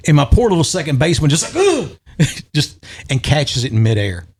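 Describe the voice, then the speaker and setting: A middle-aged man tells a long story in casual podcast chat, animated and acting out the voices of the people he quotes. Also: on the high side, a little fast, breathy edge. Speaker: podcast guest or host.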